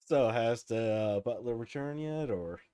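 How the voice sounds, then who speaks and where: A man's voice: medium pitch, animated, measured pace, dark tone, smooth, no echo. A man playing a tabletop game with friends, chatting in a laid-back, joking way over a voice call. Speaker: player. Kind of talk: casual chat during a tabletop game.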